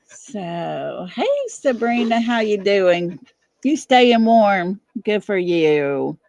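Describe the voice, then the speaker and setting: A woman in her fifties hosting a casual livestream from her home, chatting with viewers and breaking off to calm her dog. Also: mid-range voice, drawn-out words, gravelly, no echo. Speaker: livestream host. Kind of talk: casual live chat with viewers. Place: home, indoors.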